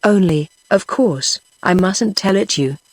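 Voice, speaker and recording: A woman's voice: mid-range voice, unhurried, no room sound. A text-to-speech woman voice reading the lines of a fussy, knowing male talking parrot in a storybook. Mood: instructive. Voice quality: even synthetic voice.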